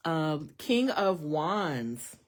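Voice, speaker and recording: Woman tarot reader, live stream; low voice, very animated pitch, chatty. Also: very slow. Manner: chatty, animated, lots of fillers, speaks to viewers as y'all. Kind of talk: casual live-stream reading.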